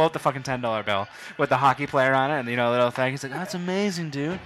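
A man's voice: mid-range voice, racing, a bit bright, a little hiss or hum. A young man from Canada telling a long story casually, swearing a lot and acting out quotes. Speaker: podcast guest.

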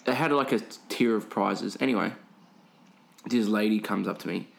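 A man's voice: lowish voice, normal speed, gravelly. A young Australian man, a podcast co-host, telling a sweary story in casual chat and mimicking other people's voices.

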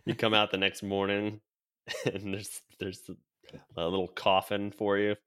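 A man's voice: lowish voice, completely flat delivery, measured pace, fairly bright tone, clean tone. A man co-hosting a casual podcast, joking and teasing his co-hosts. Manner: joking, teasing, laughs a lot. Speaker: podcast co-host.

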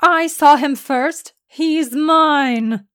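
A woman's voice: on the high side, measured pace, no echo, clean studio sound, lightly acted. A woman voicing a proud, grumpy male alchemist who growls and argues. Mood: defiant. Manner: defiant, growling, yelling.

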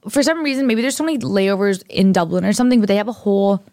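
A woman's voice: medium pitch, expressive, fast talker, dark tone, no echo, clean studio sound. A young woman co-hosting a podcast, rambling through a story in a dramatic, casual way. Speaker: podcast co-host. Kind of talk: casual chat.

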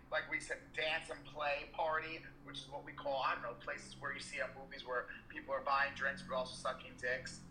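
A man's voice: fairly high pitch, sharp tone, echoey room, a little hiss or hum, poor audio. A man co-hosting a podcast, talking in a candid, rambling and emphatic way, with frequent swearing and restarts. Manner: rambling, emphatic and profane, with many restarts and fillers. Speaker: podcast co-host. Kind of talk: candid casual chat.

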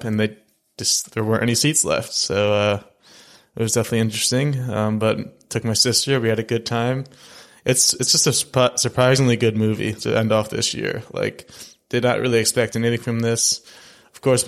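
Flat-voiced young man reviewing a film. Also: medium pitch. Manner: rambling, many fillers and restarts. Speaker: film podcast co-host. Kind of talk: casual film review chat.

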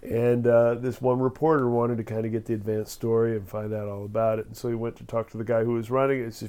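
A man's voice: mid-range voice, level tone, fast, few pauses, warm tone, clean tone. A man telling a long joke in a rambling, casual way on a talk show. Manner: rambling storyteller, voices characters.

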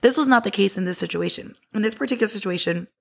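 A woman in her thirties tells a personal story on her podcast, blunt and unfiltered, with plenty of swearing. Her voice sits at an ordinary middle pitch but carries a strong gravelly fry. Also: fast. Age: 30s. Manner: candid and blunt, swears freely. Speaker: podcast host. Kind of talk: casual storytelling.

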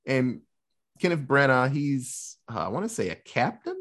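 A man's voice: mid-range voice, moderate pace. A man casually retelling a war film's plot, swearing freely and jokingly acting out the characters' lines. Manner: profane, jokey, animated retelling with put-on quotes. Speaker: podcast co-host recapping a film. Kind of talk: casual chat.

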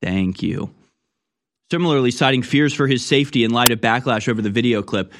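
A man's voice: mid-range voice, fast, noisy background. Sarcastic male talk radio host. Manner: sarcastic, mocking, trailing off mid-sentence. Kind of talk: opinionated commentary reading news.

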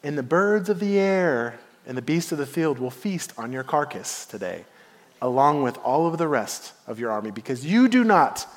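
Calm, fearless young hero, a man playing him, firm declarations, slightly high voice, echoing hall. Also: normal speed. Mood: resolute. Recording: long hall reverb.

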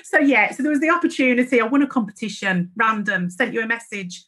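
A woman co-hosting a podcast in a casual chat, playful and teasing, quick to laugh. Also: a little high, a bit bright. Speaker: podcast co-host.

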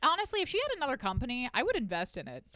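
A young woman co-hosting a casual chat, animated and sing-songy, acting out quotes. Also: sits high, rapid-fire, no echo. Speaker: podcast co-host.

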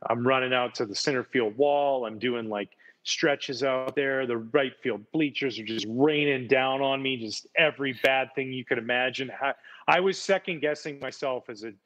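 A former baseball player chats casually and tells enthusiastic stories from his playing days, often repeating words for emphasis. His voice is mid-range and a bit bright, at a moderate pace.

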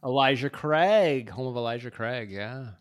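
A man's voice: mid-range voice, lively intonation, normal speed. A man co-hosting a podcast in casual chat, laid-back and rambling with lots of fillers. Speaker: podcast co-host.

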